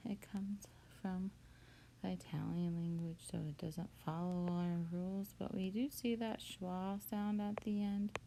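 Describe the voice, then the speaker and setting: A woman teacher walking through a spelling lesson, patient and steady as she breaks words into syllables. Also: on the low side, vocal fry, a little hiss or hum.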